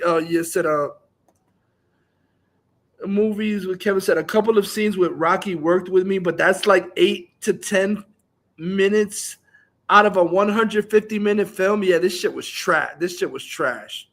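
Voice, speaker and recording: A man with a high, sharp, bright voice rants on a live stream. He is angry and profane and swears through nearly every sentence. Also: unhurried, long pauses. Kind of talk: ranting live stream reaction.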